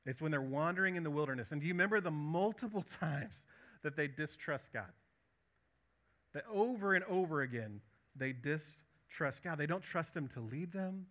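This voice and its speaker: A man preaching a sermon as pastor, emphatic, asking the congregation questions and dropping soft at the ends of phrases. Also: a little high, animated, moderate pace, lo-fi sound.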